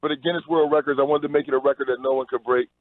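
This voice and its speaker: A man's voice: medium pitch, steady tone, rapid-fire, no echo. A man, a pro basketball player, giving an upbeat radio interview over the phone, stumbling into restarts as he talks. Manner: upbeat, promotional, with repeated restarts. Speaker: Harlem Globetrotters player, guest. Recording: tinny phone line.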